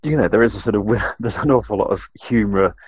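Low-voiced northern English man chatting. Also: fairly quick, no echo. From northern England. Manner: rambling, many restarts and fillers. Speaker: podcast co-host. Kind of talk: casual discussion.

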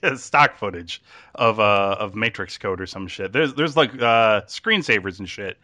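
A man's voice: lowish voice, lively intonation, measured pace, bright, forceful tone, no echo. A man hosting a podcast, making dry quips and wrapping up the episode in casual chat. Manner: dry quips, chuckles, wraps up the show. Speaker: podcast host.

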